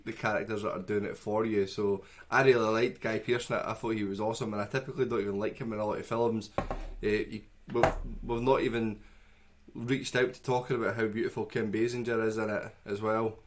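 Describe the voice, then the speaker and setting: A man chats on a film podcast, eager and teasing as he defends a movie. His voice sits on the low side. He talks in a loose, conversational way. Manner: teasing, enthusiastic, chatty. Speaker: podcast co-host. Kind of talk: casual film review chat.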